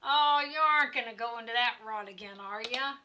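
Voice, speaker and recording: Brief: sarcastic mouthy young lad, voiced by a woman reading a game, bright edgy tone. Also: a little high, brisk, a little hiss or hum. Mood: mocking. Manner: sarcastic, mocking. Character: cheeky young male innkeeper's helper, mouthy.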